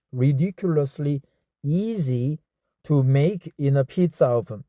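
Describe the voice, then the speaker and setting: A man from South Korea, whose first language is Korean, practicing an English script aloud with a Korean accent, slowly repeating words and phrases and correcting himself mid-word. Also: fairly high pitch, dark tone, dry recording, studio quality. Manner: slow, repeats words and phrases over and over to drill them. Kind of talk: reading practice with self-commentary.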